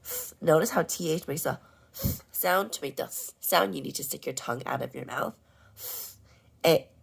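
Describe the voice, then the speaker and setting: A woman teaching first graders, going over their homework and spelling out sight words slowly and clearly. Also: low-pitched. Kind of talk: homework walkthrough lesson.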